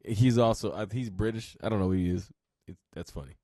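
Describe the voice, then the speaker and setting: A man's voice: fairly low pitch, fairly quick, dark tone. A man hosting a podcast, giving casual, laid-back reaction commentary, cursing and laughing a lot. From Southern California. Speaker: podcast host reacting to a clip.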